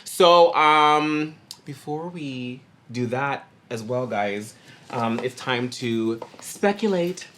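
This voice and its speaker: A man in a pop group hosting a reaction video, chatting casually in a slangy, animated way. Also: medium pitch, slow pace, slight background noise. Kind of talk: casual chat.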